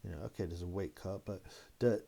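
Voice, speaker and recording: A man's voice: sits low, fairly even intonation, a little fast, gravelly, mellow, slightly rough. Rambling man on boxing. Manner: rambling, laughing, mocking impressions of critics. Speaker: boxing channel host. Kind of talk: casual solo commentary.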